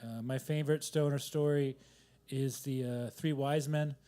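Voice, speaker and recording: A man's voice: medium pitch, fairly even intonation, a little slow, warm tone, clean tone. A man doing stand-up at a coffee shop open mic, rambling and self-deprecating as he riffs from joke to joke, on a handheld mic. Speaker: stand-up comedian.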